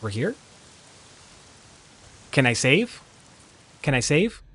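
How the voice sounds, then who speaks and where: A man's voice: medium pitch, sing-song, slow pace, a bit bright, breathy edge. A man streaming a video game and chatting casually, rambling through thoughts with lots of filler words and reacting jumpily to surprises. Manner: rambling, heavy use of "like" fillers. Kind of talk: casual gameplay commentary.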